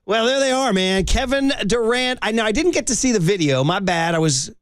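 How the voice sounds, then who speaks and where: A man's voice: high voice, animated, fairly quick, clear, resonant tone, no echo, clean studio sound. A man hosting a sports talk radio show, chatting casually and animatedly with his co-host and laughing often. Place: radio studio.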